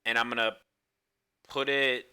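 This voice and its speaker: A man's voice: medium pitch, flat delivery, unhurried, bright, forceful tone, smooth. A man playing a tabletop game, stating his actions hesitantly as he thinks aloud. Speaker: player. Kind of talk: casual tabletop play.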